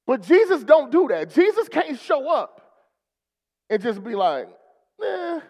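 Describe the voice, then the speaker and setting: A man's voice: extremely high pitch, very animated, unhurried, a little mellow, big-room sound. A male pastor preaching a rousing sermon in a church, calling for responses from the congregation.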